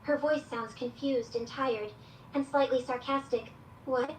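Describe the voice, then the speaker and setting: A woman's voice: high voice, steady tone, a little slow, reverberant, recorded from a distance, slight background noise, rough recording. Synthetic woman's voice narrating her own tone. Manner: describes her own tone in the third person, then answers tiredly and sarcastically. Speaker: AI chatbot character. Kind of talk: text-to-speech voice reading its own stage directions and lines.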